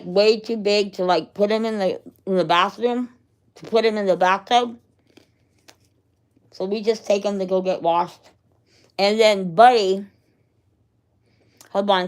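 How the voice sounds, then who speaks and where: Rambling, chatty middle-aged woman. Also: mid-range voice. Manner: rambling, chatty, laughs often. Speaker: vlogger. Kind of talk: casual chat.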